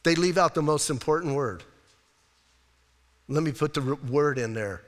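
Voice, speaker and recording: A high-pitched man delivering a sermon, lively and conversational, firing questions at his listeners. His voice rings with a long hall reverb. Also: normal speed, long pauses. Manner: animated, conversational preaching with rhetorical questions. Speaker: pastor.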